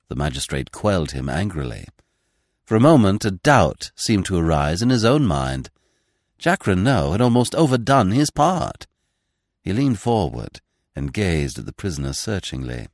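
A man's voice: deep voice, very animated, normal speed, dry recording, studio quality. A man giving a dramatic scripted reading of a classic mystery novel. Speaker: audiobook narrator. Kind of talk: scripted narration.

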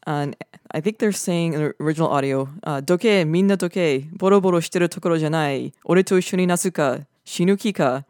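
A woman's voice: deep voice, fairly quick, a little mellow, smooth, dry recording, clean studio sound. A woman chatting casually and with enthusiasm, reading out Japanese lines with care. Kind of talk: casual chat.

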